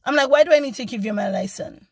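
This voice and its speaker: A woman vlogger telling a story in a casual, animated and indignant way, acting out the people she quotes. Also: high voice, quick pace, husky, dry recording.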